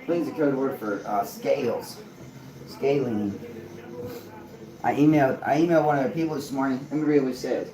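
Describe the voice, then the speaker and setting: A man's voice: medium pitch, moderate pace, pauses often. A man rambling on a live stream, swearing and laughing to himself, heard from far off in an echoey room. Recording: echoey room, mic far off, crowd noise.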